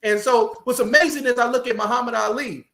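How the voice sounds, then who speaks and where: Male pastor guest, fervent preacherly delivery, high voice, echoey room. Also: fairly even intonation, a little fast, creaky, fairly bright tone. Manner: preacherly, building passion, repeats key phrases. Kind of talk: preaching in a podcast interview.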